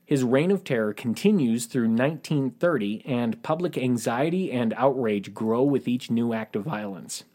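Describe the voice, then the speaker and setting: A man's voice: mid-range voice, darkish tone. A man hosting a true crime podcast, narrating in a matter-of-fact way with wry asides. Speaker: podcast host.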